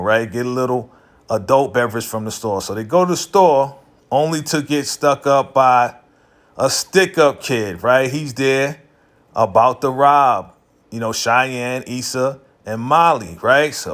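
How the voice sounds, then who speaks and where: A man's voice: mid-range voice, a bit bright. A man casually recapping a TV episode, talking loosely with lots of "you know" and "right?" and voicing the characters' lines as he goes. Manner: acts out characters' lines in quick asides. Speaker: TV recap vlogger.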